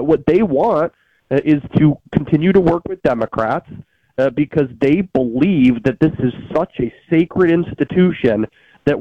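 A man's voice: medium pitch, no echo, muffled recording. A man arguing politics as a guest on a talk show, emphatic, with frequent filler sounds and restarts. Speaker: political commentator.

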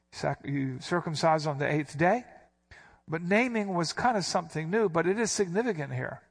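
A man preaching a sermon, explaining scripture with emphatic, dramatic inflections. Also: on the high side. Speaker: pastor.

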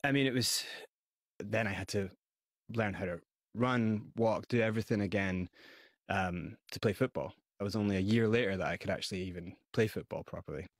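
A man with a Scottish accent, a radio interview guest telling his life story in a vivid, animated way. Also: on the low side, brisk, dry recording. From Scotland and South Africa.

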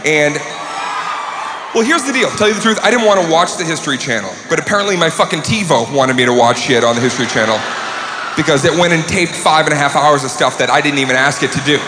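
A man doing a profane, ranting stand-up routine, often shouting. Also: a little high, expressive, quick pace. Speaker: stand-up comedian. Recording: echoey hall with noise.

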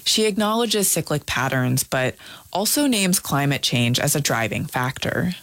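A woman reporter narrating a scripted radio feature in a lively, storytelling way. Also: deep voice, a little slow, dry recording.

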